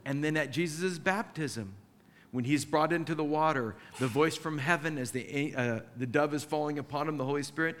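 A man's voice: fairly high pitch, normal speed, a bit bright, big-room sound. A male pastor delivering a sermon in a conversational way, acting out the scripture passages he quotes.

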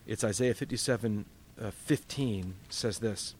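A man's voice: medium pitch, a little slow. Emphatic male pastor preaching. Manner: animated, emphatic, conversational preaching with rhetorical questions. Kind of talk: sermon.

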